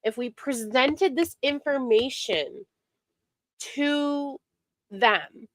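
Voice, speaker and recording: A woman's voice: medium pitch, a bit bright, no echo. A woman streamer giving casual, indignant commentary on online drama, sarcastic and given to mocking imitations.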